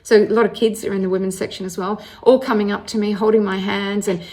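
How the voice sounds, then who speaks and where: An Australian woman in her forties tells her personal story as the host, talking in a lively, conversational way. She stops and starts often, fills pauses with little ums, and keeps the telling casual and open. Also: medium pitch. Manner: animated, chatty, many fillers and restarts.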